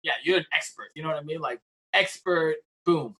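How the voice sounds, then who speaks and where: Fast-talking eager male podcast host. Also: fairly high pitch, pushed and bright. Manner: eager and agreeing, many fillers. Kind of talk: casual interview conversation.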